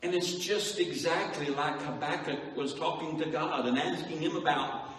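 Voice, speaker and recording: A man's voice: a little high, normal speed, fairly bright tone. A man preaching a sermon to his church, building to sing-song emphasis and asking the congregation rhetorical questions. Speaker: pastor. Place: church hall. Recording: echoey hall from far off.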